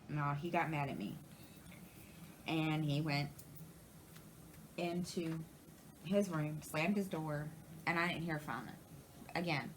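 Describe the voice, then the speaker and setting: A woman's voice: sits low, takes it slowly, long pauses, slight background noise, low-quality recording. Rambling woman telling a story. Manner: rambling, retells conversations, many restarts. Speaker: crafting channel host. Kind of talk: casual storytelling to camera.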